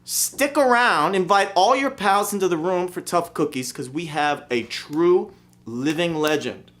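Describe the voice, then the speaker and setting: A man hosting a livestream show from Philadelphia, brash, excitable and profane as he calls out to viewers. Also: high-pitched, measured pace. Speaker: host and bandleader.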